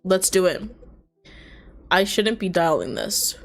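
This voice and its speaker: A woman streamer reading a story game aloud with live commentary, expressive and casually swearing. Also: on the low side, slow, creaky, soft background music.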